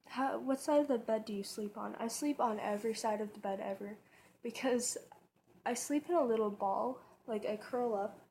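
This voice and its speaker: A woman's voice: mid-range voice, a little mellow, slight background noise. A woman vlogger talking casually in her bedroom, rambling and chatty, with lots of fillers and restarts. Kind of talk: casual tag video chat.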